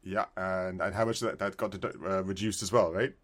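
A man's voice: low voice, steady tone, a little fast, fairly bright tone. A British man co-hosting a podcast, bantering and poking fun at himself in casual chat. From Britain. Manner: joking, self-deprecating banter. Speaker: podcast co-host.

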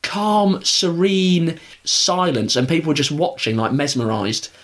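A man's voice: on the high side, a little slow, a bit bright. A young man co-hosting a podcast in casual, bantering chat, sounding nasal from a cold. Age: young adult. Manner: chatty, laughing, banter. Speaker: podcast co-host.

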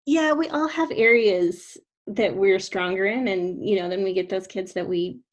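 Woman, speech therapist, supportive, thoughtful, mid-pitched voice. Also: normal speed. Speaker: speech therapist, podcast co-host. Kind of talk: casual chat.

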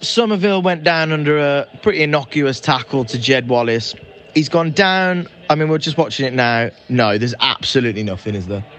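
A man giving lively, animated live match commentary as a fan. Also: medium pitch, a little fast. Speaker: podcast co-host. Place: indoors by a fireplace.

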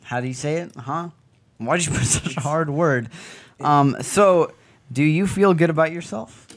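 A man's voice: a little high, measured pace. A man co-hosting a faith podcast in casual chat, joking and laughing often. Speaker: podcast co-host.

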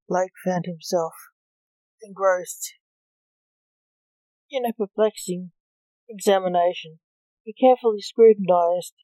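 Woman, story podcast host, measured theatrical narration, slow, dry close sound. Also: mid-range voice, mellow, no room sound.

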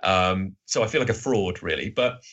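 A British man chatting as a podcast guest, his voice a little husky, hesitant and full of fillers and restarts. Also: low-pitched, normal speed, fairly bright tone, muffled recording. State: slightly husky. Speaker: guest writer. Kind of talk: casual podcast chat.

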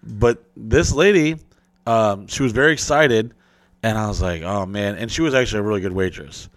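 Low-voiced man telling profane stories. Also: normal speed, no echo. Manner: profane, rambling, animated impressions of people. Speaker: podcast host. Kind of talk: casual storytelling chat.

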